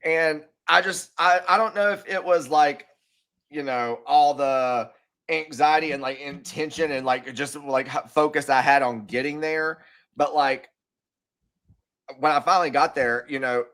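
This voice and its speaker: A man with a bright, forward tone talking in a loose, rambling way. He starts sentences over and over, piles up fillers and tells his story in lively bursts. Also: a little high, a little slow. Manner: rambling, animated storytelling with many fillers and restarts. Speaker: podcast guest. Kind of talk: casual chat.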